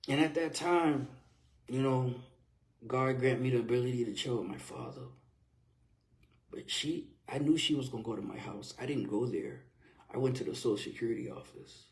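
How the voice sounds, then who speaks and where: A man's voice: medium pitch, creaky, darkish tone. A man passionately recounting a personal story in casual, slang-filled conversational speech. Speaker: vlogger telling his own story.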